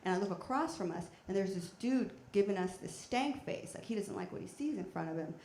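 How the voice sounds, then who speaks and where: A woman performing a stand-up comedy set on a theater stage with a handheld mic, talking in a deadpan, chatty way with bursts of loud shouting. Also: medium pitch, brisk. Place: theater stage before a live audience. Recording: echoey theater with faint noise.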